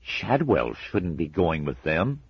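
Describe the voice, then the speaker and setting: A man's voice: low-pitched, big pitch swings, takes it slowly, breathy edge, dry recording, lo-fi sound, voice pushed up, full character voice. A man voicing an anxious, earnest young man who talks eagerly and in a fluster, in a storybook reading.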